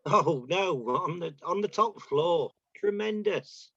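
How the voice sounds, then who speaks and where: A man's voice: high voice, slow pace, a bit bright, husky, no room sound, muffled recording, full character voice. A man playing a hesitant, gushing art lover. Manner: hesitant, repeats words, then gushes. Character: enthusiastic male art-loving gallery regular. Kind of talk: amateur stage drama.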